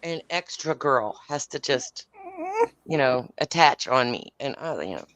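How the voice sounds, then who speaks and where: A low-voiced woman with a drawl tells a story in a blunt, foul-mouthed way, chuckling as she goes. Her pitch swings widely from phrase to phrase. The mic sits close, and the sound is dry. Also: expressive, measured pace, a bit bright, no echo. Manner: blunt, profane, laughs while telling stories. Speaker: podcast host. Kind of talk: casual storytelling chat.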